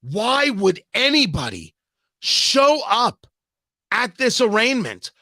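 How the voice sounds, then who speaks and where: A man's voice: very high-pitched, huge pitch swings, slow pace, sharp tone, dry recording. A man hosting a radio talk show, delivering an emphatic, sarcastic political monologue full of rhetorical questions and repetition, on a close studio microphone.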